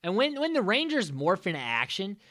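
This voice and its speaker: A man recaps a show on his podcast in a loose, sarcastic ramble full of "like" and "uh". His voice swings widely in pitch and has a bright, forward edge. It sounds dry and close to the mic. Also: huge pitch swings, a little fast, dry recording. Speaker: podcast host. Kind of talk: casual episode recap.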